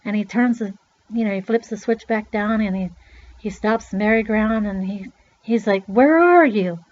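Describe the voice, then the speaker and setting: This middle-aged Pennsylvania vlogger has a mid-range, slightly mellow voice with little pitch movement and a moderate pace. She tells a personal story in a rambling, chatty, loose way, swearing now and then and acting out voices in quotes. The recording is dull and lo-fi.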